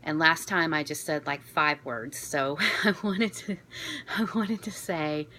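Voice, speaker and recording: A woman from Florida telling a story to camera in a chatty, self-deprecating, excitable way. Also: low-pitched, a little slow, slight background noise. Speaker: vlogger.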